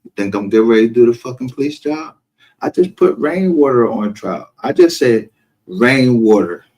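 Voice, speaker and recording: A man's voice: medium pitch, expressive, moderate pace, darkish tone. Brash, profane man. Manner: brash, profane, laughs often. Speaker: livestream host. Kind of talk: casual livestream commentary.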